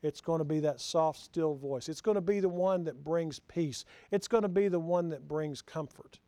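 A man's voice: a little high, normal speed, mellow, no room sound. A man preaching to his congregation as pastor, earnestly putting questions to his listeners. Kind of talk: sermon.

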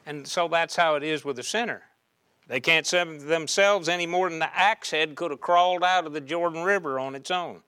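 A man preaching a sermon, swinging from loud emphatic bursts down to quiet, measured lines. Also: on the high side, clean tone, dry recording.

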